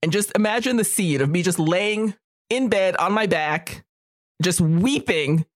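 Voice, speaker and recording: A woman in her thirties co-hosting a podcast, telling stories in a casual, animated way and often breaking into laughter. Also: lowish voice, a little slow, dry recording, clean studio sound. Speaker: podcast co-host. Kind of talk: casual chat.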